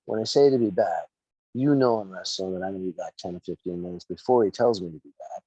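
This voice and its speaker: A middle-aged man in casual podcast chat, telling a story with lively acted-out quotes and plenty of swearing. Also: sits low, fast talker, husky, no echo, muffled recording. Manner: animated storyteller, acts out quotes, profane. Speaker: wrestling referee and podcast guest.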